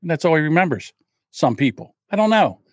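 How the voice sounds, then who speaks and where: A man's voice: fairly high pitch, very animated, a little fast, no echo, studio quality. An older man hosting his own podcast livestream alone, rambling in a self-deprecating way and openly nervous. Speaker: podcast host. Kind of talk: solo livestream chat.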